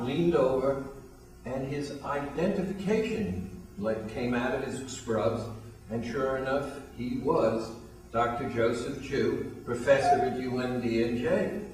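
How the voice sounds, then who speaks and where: A man's voice: mid-range voice, a little mellow, distant mic. An older man, founder of a weight loss program, telling a long anecdote as a guest and acting out the lines of the people in it. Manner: anecdotal, acts out quoted dialogue. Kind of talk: storytelling interview. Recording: echoey room, voice from off-mic.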